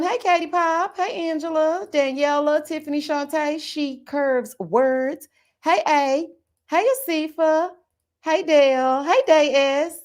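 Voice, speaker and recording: A woman giving sassy, animated live-stream commentary on a reality show. She keeps calling her viewers honey and child. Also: high-pitched. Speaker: YouTube reality-show reviewer.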